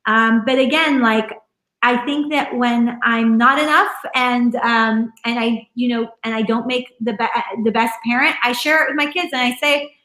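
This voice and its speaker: A woman's voice: on the high side, fairly even intonation, moderate pace, fairly bright tone, reverberant. A middle-aged woman talking earnestly in an interview, rambling with many fillers from her home. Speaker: interview guest. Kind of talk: casual conversational interview. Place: room at home.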